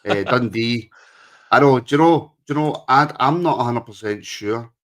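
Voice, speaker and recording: A podcast co-host, a man, chats casually, laughing often and reading out viewer comments. His voice is medium-pitched and fairly bright, at a normal speed.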